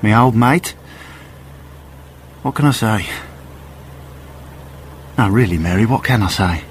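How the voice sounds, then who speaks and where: A man's voice: lowish voice, slow, a little hiss or hum. An actor playing a cheery man with a stage name and musical hopes, matey and evasive, in an audio drama. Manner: matey, breezy, dodging questions.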